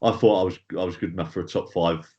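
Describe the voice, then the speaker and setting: A man's voice: sits low, fairly even intonation, fast, darkish tone. A man, a guest talking casually about his sport in a plain-spoken, rambling way with fillers and the odd swear word. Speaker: guest bodybuilder. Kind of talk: casual podcast chat. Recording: slightly dull lo-fi audio.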